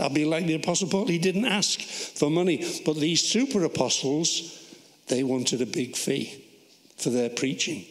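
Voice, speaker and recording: A man gives a lively sermon in a high voice, teasing his listeners with questions. He reads scripture with rising emphasis. His voice carries a long reverb, as if in a big church hall. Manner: playful, asks the audience to sit down or stand. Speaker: preacher.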